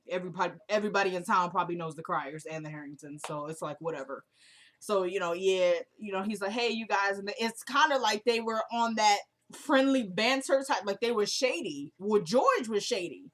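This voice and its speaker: A young woman talking casually to her camera, recapping a TV episode in a chatty way, laughing and acting out the characters' lines. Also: mid-range voice. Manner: chatty, laughing, retells scenes in quoted dialogue. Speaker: TV recap vlogger. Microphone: camera mic at home.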